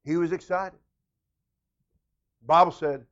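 Animated gravelly pastor preaching. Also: male voice, fairly high pitch, measured pace, long pauses, lo-fi sound. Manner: animated preaching with call-outs to the congregation. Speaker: senior pastor. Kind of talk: sermon. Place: church.

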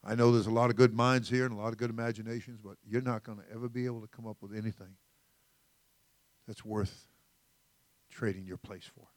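A man's voice: on the low side, steady tone, brisk, pauses often, no echo. An older man preaching as senior pastor, a folksy, rambling sermon full of storytelling asides. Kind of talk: conversational sermon.

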